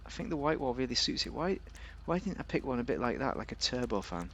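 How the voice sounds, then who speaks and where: A man's voice: medium pitch, very animated, quick pace, vocal fry, a bit bright, slight background noise. A man giving a casual, rambling, jokey commentary while reviewing a car in a video game.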